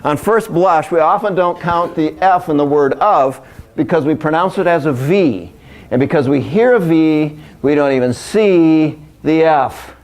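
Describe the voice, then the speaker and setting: A man's voice: fairly high pitch, a little slow, darkish tone. A man giving a live seminar presentation, joking and speaking directly to his audience. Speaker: workshop speaker.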